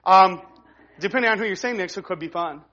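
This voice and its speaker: A man preaching to his congregation in an easygoing, talky way, stopping to restart phrases and tossing in "right?" as he goes. His voice sits high for a man. The recording sounds somewhat dull and lo-fi. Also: quick pace, sharp tone. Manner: conversational preaching with frequent restarts and "right?" tags. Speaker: pastor. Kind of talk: sermon.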